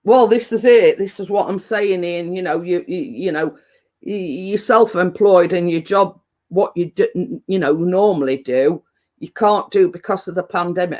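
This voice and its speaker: This British live-streamer has a high, darkish voice at a moderate pace. His casual chat with viewers is rambling and hesitant, full of fillers and restarts, and he sometimes eats while talking.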